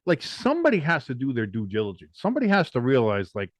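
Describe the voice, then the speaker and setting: Animated swearing man ranting. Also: medium pitch, fast, dry recording. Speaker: podcast co-host. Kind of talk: casual sports chat.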